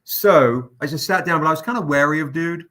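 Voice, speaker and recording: A man hosting a livestream, telling an anecdote in a casual, animated, profane way. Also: fairly high pitch, brisk. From England. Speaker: comic publisher hosting a livestream.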